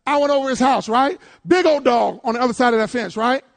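A man preaching with a very high, gravelly voice. He talks straight to his congregation, swinging between loud, shouted declarations and quiet, hushed asides. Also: quick pace. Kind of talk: sermon.

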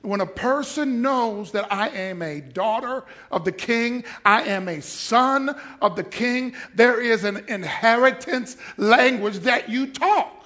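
A male pastor delivering a sermon in a church, moving between quiet, conversational asides and shouted declarations, and calling on the congregation to respond. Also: very high-pitched, slow pace, few pauses.

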